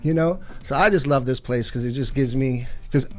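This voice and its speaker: A man's voice: mid-range voice, a little mellow. A middle-aged man from Toronto, a musician telling rambling stories as a guest in a casual interview. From Toronto, Canada. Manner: rapid, rambling storytelling with many restarts.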